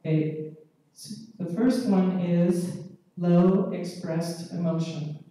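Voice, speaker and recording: A woman pediatrician giving a measured, explanatory conference lecture and often checking in with the audience. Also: on the low side, dark tone. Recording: echoey hall, mic far off.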